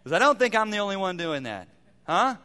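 A man's voice: high voice, sing-song, fairly quick, pushed and bright, in a large hall. A man preaching a sermon as pastor, emphatic and repeating phrases for effect. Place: church sanctuary.

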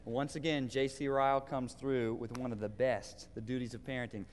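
A man's voice: mid-range voice, flat delivery, normal speed, darkish tone. A man in his thirties, a pastor, preaching a sermon in an earnest voice that builds to emphatic declarations. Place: church sanctuary. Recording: long reverb of a large hall.

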